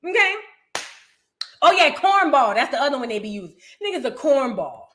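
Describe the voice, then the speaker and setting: A woman with a high, bright-sounding voice hosts her own commentary channel. She rambles in loose slang and speaks bluntly and animatedly. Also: sing-song, moderate pace, a little hiss or hum. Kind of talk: casual reaction commentary.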